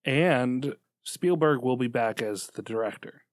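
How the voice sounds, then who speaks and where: A man's voice: medium pitch, measured pace, no echo, studio quality. A man co-hosting a podcast, chatting casually, laughing often and playfully blunt. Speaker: podcast co-host. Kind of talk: casual banter.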